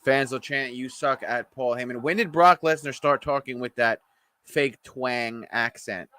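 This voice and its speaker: A man's voice: medium pitch, unhurried, pushed and bright, no room sound. A man doing live watch-along commentary on a wrestling show, wisecracking offhand and talking to viewers in the chat.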